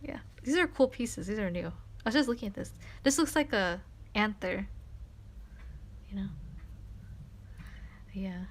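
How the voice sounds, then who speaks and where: A young woman streamer telling a story in casual chat, animated and full of fillers like "like" and "you know". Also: mid-range voice, a little slow, pauses often.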